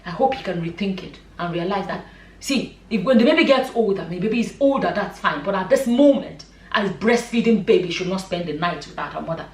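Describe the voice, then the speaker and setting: A woman's voice: medium pitch, lively intonation, fairly quick. Passionate woman vlogger, roomy echo. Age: adult, a mother. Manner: passionate, emphatic, repeats points for stress. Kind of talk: opinion vlog commentary. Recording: echoey room, mic at a distance.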